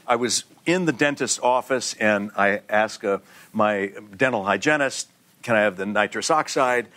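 A man in his sixties, a guest on a TV talk show, telling stories in a lively, animated way and putting on other people's voices. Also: on the low side, normal speed. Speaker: guest actor. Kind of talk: casual anecdotal chat.

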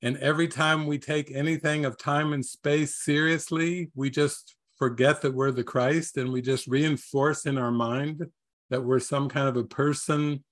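A man giving a gentle spiritual teaching talk, unhurried and wondering, who chuckles often between phrases. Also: fairly high pitch, fairly even intonation.

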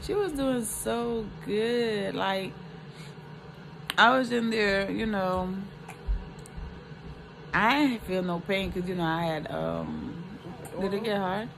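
A young woman and mother chatting slowly and emotionally to her viewers in a casual family vlog, filmed on a phone. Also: medium pitch, creaky, noisy background. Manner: slow, emotional, talks to viewers as "y'all". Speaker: vlogger and mother.

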